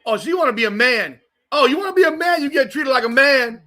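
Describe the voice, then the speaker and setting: A man's voice: very high voice, lively intonation, quick pace, sharp tone. A man from South Florida hosting a live watch-party podcast, ranting profanely and heatedly over the game. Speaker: podcast host.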